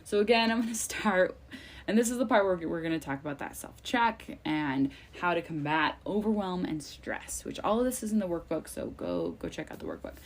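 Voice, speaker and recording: Gravelly-voiced chatty mom coach. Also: female voice, fairly low pitch, lively intonation, brisk. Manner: chatty and upbeat, laughs often, fillers like "like" and "um". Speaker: self-care coach and workshop host. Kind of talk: casual live workshop talk. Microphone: livestream mic.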